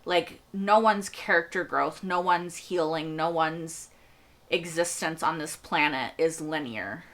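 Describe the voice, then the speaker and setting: A woman's voice: low-pitched, takes it slowly, fairly bright tone. A young woman hosting a TV reaction video, rambling earnestly in casual chat and laughing often.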